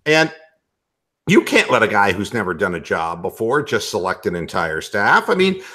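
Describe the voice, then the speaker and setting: A man's voice: lowish voice, big pitch swings, moderate pace, bright, forceful tone. A man hosting a casual sports talk show who jokes and rambles, often stammering on his words. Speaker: podcast host.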